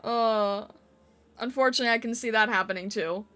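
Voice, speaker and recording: A woman's voice: a little high, brisk, a bit bright. A woman streamer chatting casually with her viewers on a live stream, giggling often as she reacts to their comments. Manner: giggly, playfully reacting to chat.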